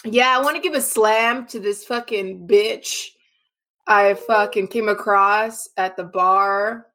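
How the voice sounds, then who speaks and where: A woman's voice: mid-range voice, takes it slowly, fairly bright tone. A woman co-hosting a podcast, telling a story in a brash, profane way during a casual chat. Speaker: podcast co-host.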